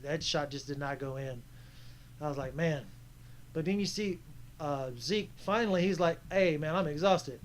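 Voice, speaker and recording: A man's voice: on the high side, slight background noise. A man commenting casually on footage of his own basketball game, frustrated and critiquing his teammates. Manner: frustrated, animated coaching critique.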